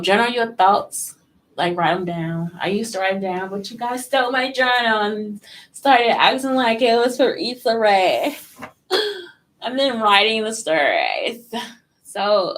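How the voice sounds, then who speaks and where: A woman's voice: fairly low pitch, vocal fry, rough recording. A woman hosting a casual solo podcast, blunt and profane, firing rhetorical questions straight at her listeners. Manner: talks straight to listeners as "y'all". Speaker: podcast host.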